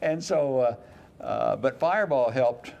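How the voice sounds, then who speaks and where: An older man as an interview guest, telling folksy stories and acting out quoted lines in lively voices. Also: medium pitch, measured pace, gravelly, lo-fi sound, slight background noise. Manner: folksy anecdotes, quoting others in lively voices. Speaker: interview guest, retired racing driver. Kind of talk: casual storytelling interview.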